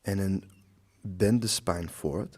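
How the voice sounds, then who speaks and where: A man teaching a slow yoga class, guiding the poses and the breath in a calm, soothing way with long pauses. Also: sits low. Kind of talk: guided yoga instruction.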